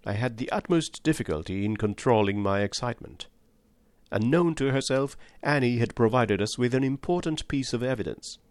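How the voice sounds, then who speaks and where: A man narrating an audiobook in the first person with expressive, scripted storytelling. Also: medium pitch, normal speed, no room sound.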